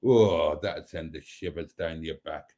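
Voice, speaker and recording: A man's voice: extremely low pitch, a little slow, dark tone. A man hosting a casual live stream from home, reading viewer comments aloud in a chatty, cheeky, rambling way into a phone. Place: home, indoors.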